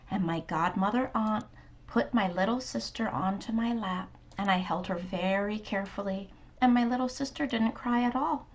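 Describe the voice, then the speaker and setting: A woman reading a children's storybook aloud in a soft, gentle, sometimes whispery manner. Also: medium pitch, creaky.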